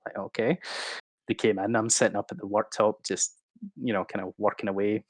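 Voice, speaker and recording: A man in his thirties telling an animated, swearing-laced story as a guest on a livestream. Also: on the low side, brisk, no echo. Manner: animated anecdote-telling, swearing, acting out quotes. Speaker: guest speaker.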